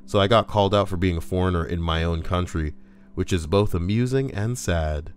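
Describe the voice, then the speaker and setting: This is a comedic Reddit reading by a male YouTuber who keeps cutting in with crude asides. He talks a little fast in a low-pitched voice, and faint music sits behind him.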